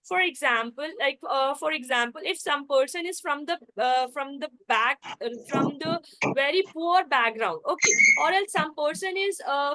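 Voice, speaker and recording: Young female tutor, high voice, chatty repetitive online lecture. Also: a bit bright, rough recording. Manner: repetitive, addresses class as guys, many fillers. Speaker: spoken English teacher.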